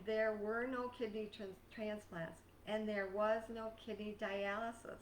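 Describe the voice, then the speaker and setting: A woman life coach giving a scripted motivational talk in an earnest, measured, emphatic way. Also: on the high side, a bit bright, a little hiss or hum. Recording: echoey room, distant mic.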